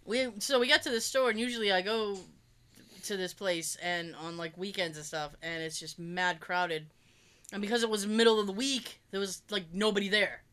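A woman's voice: medium pitch, normal speed, a bit bright. A woman co-hosting a podcast, telling everyday stories in casual chat, with an occasional cough. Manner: chatty storyteller, acts out quoted voices. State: coughing now and then. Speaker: podcast co-host.

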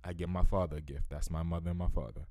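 A man's voice: deep voice, fairly even intonation, fast talker, warm tone. A man ranting animatedly in casual podcast chat, self-interrupting and saying "yo" constantly.

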